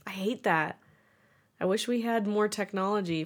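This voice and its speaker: A woman's voice: mid-range voice, normal speed. A woman co-hosting a podcast in casual chat, blunt and offhand with plenty of swearing. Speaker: podcast co-host.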